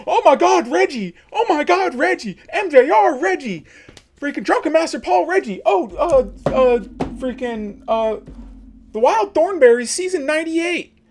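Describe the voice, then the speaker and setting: A man voicing a frantic, shrieking parody of a manic male streamer, yelling in high bursts. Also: lively intonation, measured pace, slight background noise, full character voice. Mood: frantic mocking.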